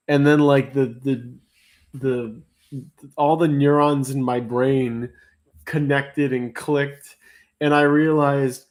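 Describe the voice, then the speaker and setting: A man's voice: mid-range voice, measured pace. A man hosting a livestream auction, talking casually and rambling with fillers, calling out bids and reading chat. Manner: rambling, chatty storytelling with many fillers; reads out chat messages and calls bids.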